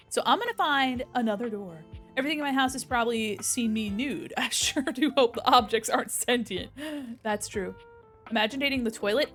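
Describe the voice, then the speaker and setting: A woman's voice: a little high, fairly bright tone. A young woman streaming a game, giggly, joking and swearing as she comments. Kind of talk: casual let's-play commentary.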